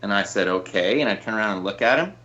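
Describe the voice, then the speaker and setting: A man's voice: fairly low pitch, lively intonation, rapid-fire, bright, forceful tone, dull audio. A man speaking as a podcast guest, chatting in an earnest, fond way. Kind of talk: casual storytelling chat.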